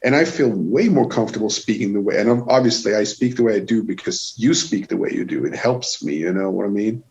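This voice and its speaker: This guest musician from Sweden talks briskly in a lowish voice, his English carrying a Swedish accent, on a recording with the highs cut off. Chatting casually on a podcast, he spins lively stories full of curses and false starts.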